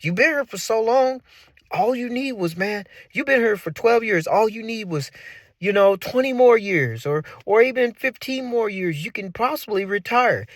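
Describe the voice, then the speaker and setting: A man's voice: high-pitched, expressive, normal speed, no echo, studio quality, distant mic, voice pushed up. A man putting on the voice of his former boss, a middle-aged man pressing him with coaxing questions. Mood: persuading. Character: concerned middle-aged male boss, probing.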